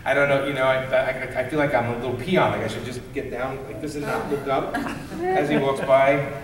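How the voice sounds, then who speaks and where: A middle-aged man, a comics creator on a convention panel, telling animated, jokey stories with lots of fillers. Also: medium pitch, a little fast. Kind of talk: casual storytelling. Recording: echoey hall from far off, crowd.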